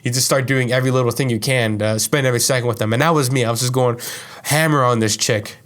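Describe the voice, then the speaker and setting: A man's voice: mid-range voice, fairly even intonation, quick pace, a bit bright. A young man hosting a podcast, telling a personal story in a casual, rambling monologue full of profanity and fillers. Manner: profane, rambling, heavy use of "like". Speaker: podcast host.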